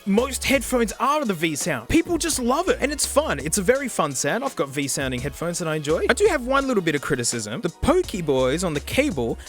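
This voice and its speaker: A high-pitched Australian man chats his way through a gadget review, cracking jokes and throwing in plenty of slang. Faint music plays softly behind him. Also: a little fast, hardly any pauses. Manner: jokey, animated, full of Aussie slang. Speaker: YouTube host reviewing gadgets. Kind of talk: casual review chat.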